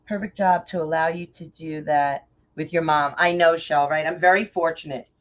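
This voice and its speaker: A middle-aged woman from New York with a New York accent, chatting warmly and effusively with viewers by name while crafting on a livestream. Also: low-pitched, fairly even intonation, normal speed. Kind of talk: casual livestream chat while crafting bows. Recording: dull lo-fi livestream audio.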